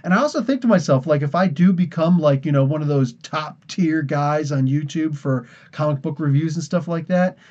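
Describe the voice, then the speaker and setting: A man's voice: fairly high pitch, moderate pace, few pauses, a little mellow, highs cut off. A man from New Jersey hosting a casual comics podcast livestream, tired and rambling, laughing often. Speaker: podcast host.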